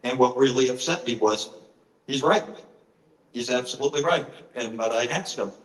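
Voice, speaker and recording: A man's voice: mid-range voice, normal speed. A middle-aged man telling personal stories in a conference talk, earnest, with frequent fillers. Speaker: author giving a presentation. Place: conference hall. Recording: echoey conference hall.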